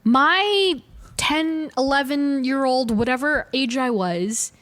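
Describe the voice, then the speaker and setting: A woman in her forties co-hosting a casual podcast chat, telling stories animatedly and correcting herself as she goes. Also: high-pitched. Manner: animated storyteller, quick self-corrections. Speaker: podcast co-host.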